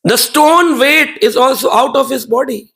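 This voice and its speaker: A man giving a devotional story sermon, telling the tale in an animated, playful way. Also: extremely high pitch, normal speed. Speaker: preacher and storyteller.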